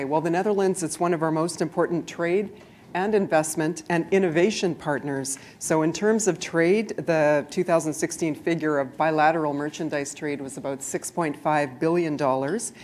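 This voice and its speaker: A woman diplomat giving a friendly, clear conference presentation. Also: deep voice, normal speed, a little mellow. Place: conference room before an audience.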